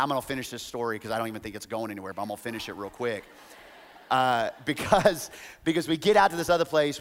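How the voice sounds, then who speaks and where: A man preaching, telling a self-mocking story with animated, acted-out quotes. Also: medium pitch. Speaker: pastor. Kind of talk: storytelling sermon. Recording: long reverb of a large hall.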